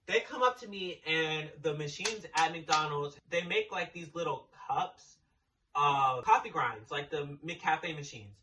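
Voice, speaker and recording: A man's voice: a little high, animated, measured pace, bright, forceful tone, far from the mic, slight background noise, rough recording. A young man telling a storytime in a blunt, sassy way, swearing freely. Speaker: storytime vlogger. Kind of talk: casual storytime.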